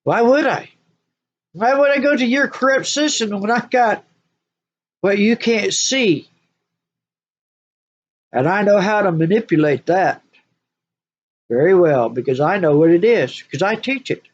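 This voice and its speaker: A woman's voice: medium pitch, expressive, unhurried, long pauses, highs cut off. A woman ranting to camera in a vlog, scolding and preachy, repeating her points in emphatic bursts. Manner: repeats phrases, talks in bursts. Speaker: spiritual vlogger. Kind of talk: monologue rant to camera.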